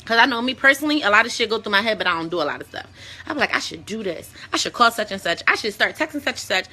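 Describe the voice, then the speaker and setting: Bright-voiced woman, blunt and profane. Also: a little high, animated, rapid-fire. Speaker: show host. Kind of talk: casual vlog talk.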